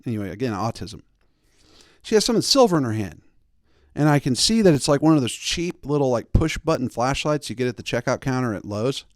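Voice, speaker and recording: A man's voice: medium pitch, sing-song, brisk, no room sound, studio quality. A man in his thirties hosting a show, telling a long comic story with many rambling asides. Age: 30s. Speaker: host. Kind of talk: comic monologue.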